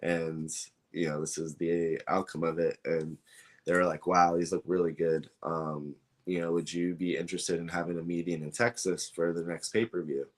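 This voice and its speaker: A man's voice: deep voice, fairly even intonation, moderate pace. A man, a guest on an interview show, telling a story in a casual, rambling way with many fillers and acted-out dialogue. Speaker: belt maker, guest.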